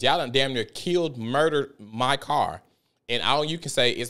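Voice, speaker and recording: A man's voice: medium pitch, animated, normal speed, fairly bright tone. A man hosting a podcast, telling stories and ranting in a heated, profane, emphatic way. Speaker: podcast host. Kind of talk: casual ranting monologue.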